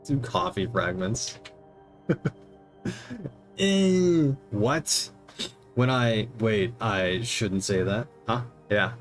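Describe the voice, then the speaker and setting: A man's voice: lowish voice, expressive, extremely slow, pauses often, faint music behind. A man streaming a game, rambling and mocking himself as he mutters through settings and chats. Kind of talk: casual gaming livestream chatter. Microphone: desk mic with headphones monitoring.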